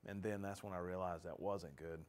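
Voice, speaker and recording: A man's voice: sits low, fairly even intonation, brisk. A man, a law enforcement officer, narrating events vividly in the present tense in a documentary interview.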